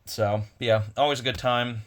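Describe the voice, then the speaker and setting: A man's voice: medium pitch, fairly even intonation, moderate pace, a bit bright. A man casually retelling a convention story on his vlog, rambling with many restarts. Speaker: comic collector vlogger.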